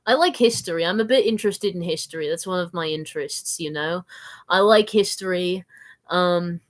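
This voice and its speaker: A woman's voice: on the low side, normal speed. A woman from the American South rambling through a live stream, giggling, mocking herself and answering viewer comments. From Southern United States.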